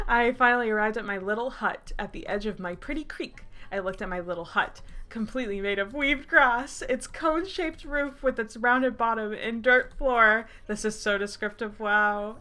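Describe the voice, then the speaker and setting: Bright-voiced young woman roasting her old writing. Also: fairly high pitch, normal speed, hardly any pauses. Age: 20s. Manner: laughing, mocking and sarcastic asides. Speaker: YouTuber. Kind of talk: reading her old writing aloud with commentary.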